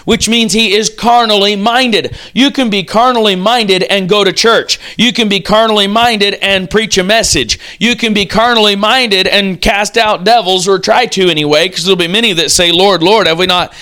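A male preacher with a high, bright voice gives a sermon. He tells vivid stories and acts out the quotes as he goes. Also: moderate pace, few pauses.

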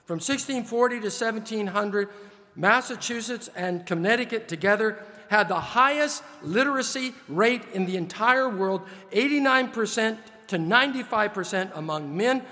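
A man's voice: high voice, bright, forceful tone. Emphatic preacher man in a reverberant hall. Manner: emphatic, building lists with rising stress. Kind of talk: sermon.

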